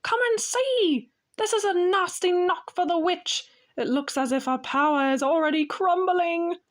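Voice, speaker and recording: A woman voicing an excited male beaver who calls out from a distance in delight. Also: high-pitched, moderate pace.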